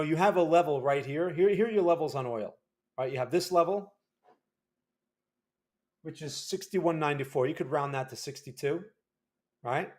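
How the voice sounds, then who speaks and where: A man with a fairly high-pitched voice walks through market charts on a livestream. His delivery is loose and conversational, and he keeps checking in with viewers through quick tag questions. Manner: casual, frequent tag questions. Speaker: market analyst host.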